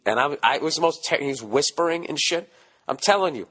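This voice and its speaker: A man in his forties with a Boston accent, hosting a podcast, ranting casually with lots of profanity; his voice is hoarse from screaming. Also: a little high, a little fast. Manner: profane, animated ranting with mocking asides. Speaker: podcast host.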